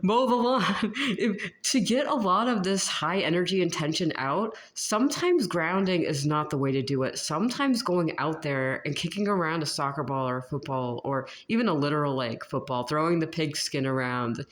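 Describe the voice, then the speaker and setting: This tarot reader's low voice is animated, moving at a moderate pace with hardly any pauses. Talking casually through a reading for viewers, she rambles, laughs frequently, and uses many fillers and restarts.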